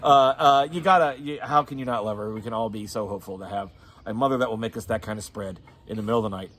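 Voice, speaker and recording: A man's voice: on the low side, fast, fairly bright tone. A man with a Southern US accent co-hosting a casual movie chat, rambling and profane, laughing often. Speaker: co-host.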